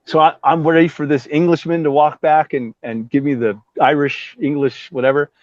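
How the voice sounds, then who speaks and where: A middle-aged man from Southern California tells a story in a casual interview, fairly high-voiced and animated. He swears freely and jumps into other people's voices as he goes. The recording is dry and a little dull. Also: moderate pace, no room sound. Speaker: musician guest. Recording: slightly dull, dry sound.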